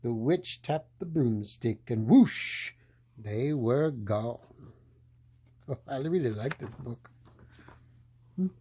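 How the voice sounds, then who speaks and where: Brief: playful storyteller, slow pace, very lively pitch, mellow tone. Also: breathy edge. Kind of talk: picture book read-aloud.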